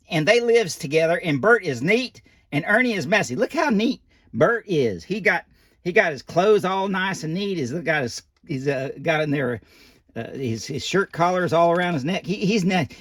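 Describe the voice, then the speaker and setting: A man's voice: on the high side, animated, normal speed, a bit bright, dry recording, studio quality. A man voicing a folksy old animatronic doll who reads a children's picture book aloud with rambling asides and loose grammar. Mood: chatty.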